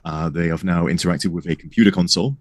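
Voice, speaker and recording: A man leading a game mod project who directs a voice recording session in a relaxed, teasing way. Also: deep voice, fast, no echo. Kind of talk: casual chat and direction.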